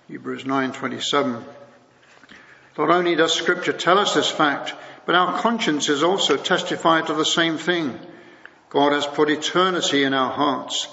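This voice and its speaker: A man delivering a sermon in a measured way, slowing down when he reads scripture aloud. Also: a little high, creaky, bright, forceful tone. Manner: measured, slows to read scripture. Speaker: preacher. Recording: muffled recording in a big echoing hall.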